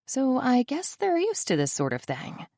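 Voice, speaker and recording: A woman's voice: high-pitched, wildly swooping pitch, moderate pace, dark tone, dry recording. A woman narrating a first-person audiobook in a wry, sardonic manner, close to the mic.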